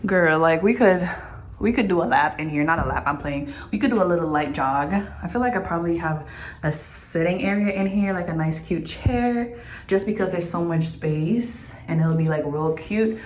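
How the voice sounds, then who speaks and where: A woman giving a casual, excited tour of her new apartment, chatty and playful with slang, filming on her phone. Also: lowish voice, moderate pace, slight background noise. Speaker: vlogger. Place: large empty apartment indoors. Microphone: phone held in hand. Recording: echoey empty rooms, phone mic.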